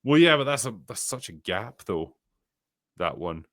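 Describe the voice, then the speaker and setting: A man's voice: on the low side, sing-song, unhurried, a bit bright, dry recording. Sardonic Scottish man reading viewer messages. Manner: dry, profane, sardonic. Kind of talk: casual chat.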